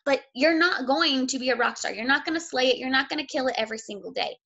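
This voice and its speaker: Blunt, gravelly woman coach, sick and tearful. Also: high-pitched, quick pace, sharp tone, dull audio. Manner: blunt, swears freely, emotional. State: sick, near tears. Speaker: fitness coach. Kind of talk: motivational talk.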